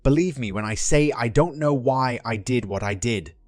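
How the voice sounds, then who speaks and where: A man's voice: mid-range voice, normal speed, a little mellow, no echo, soft background music, natural voice. A man voicing a desperate young woman, the narrator's ex, pleading to be taken back. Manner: earnest, begging.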